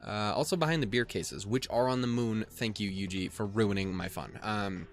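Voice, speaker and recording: A man's voice: fairly low pitch, normal speed, faint music behind. A young man hosting a let's play, swearing and joking as he reads the game text aloud. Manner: crude, joking, swears a lot. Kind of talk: casual game commentary.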